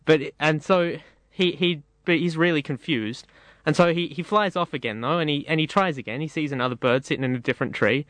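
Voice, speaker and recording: Man, casual joke-teller, rambling and animated, slightly high, dry studio sound. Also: fast, no room sound. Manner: rambling, animated storytelling with voiced bits. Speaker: panelist telling a joke.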